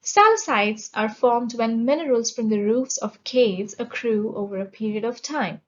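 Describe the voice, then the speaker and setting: The recording is muffled as a female vocabulary teacher works through a scripted lesson, her fairly high voice full of lively intonation. Speaking slowly and clearly, she articulates each word and explains where the stress falls and what it means.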